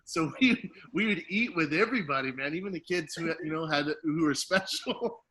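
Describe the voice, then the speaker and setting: Bright-voiced man in his thirties, telling stories. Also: on the high side, moderate pace, rough recording. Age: 30s. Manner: animated, profane, laughs through his stories. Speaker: podcast co-host. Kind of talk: casual storytelling chat.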